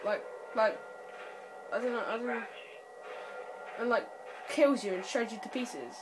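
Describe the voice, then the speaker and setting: A woman's voice: on the high side, a little slow, over music. A young woman chatting while playing a horror game with friends, scared and jumpy, breaking into screams and nervous laughter. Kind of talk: casual let's-play chat. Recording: noisy home recording.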